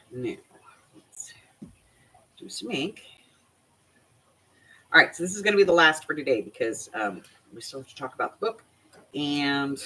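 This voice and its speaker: A woman's voice: low voice, bright, forceful tone, slightly rough, rough recording. Older woman chatting through a craft project. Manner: chatty, talks through each step aloud. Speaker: craft channel host. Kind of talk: casual crafting tutorial.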